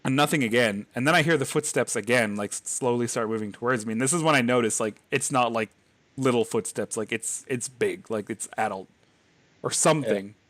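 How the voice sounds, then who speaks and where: A man's voice: medium pitch, fairly quick, fairly bright tone, dry recording. A man hosting a podcast, telling a scary childhood story in a rambling, casual way, full of fillers and laughs. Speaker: podcast host.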